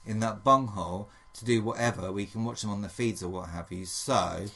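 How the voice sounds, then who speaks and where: A woman's voice: rumbling low, brisk, fairly bright tone, breathy edge. A woman co-hosting a casual podcast chat, dry and sarcastic with plenty of swearing. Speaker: podcast co-host.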